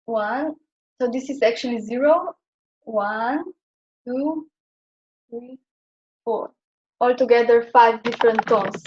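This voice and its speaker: A woman's voice: fairly high pitch, slow pace, pauses often, a little mellow. A young woman from Slovenia teaching Chinese pronunciation in a classroom, explaining hesitantly with many fillers. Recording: dull lo-fi classroom recording.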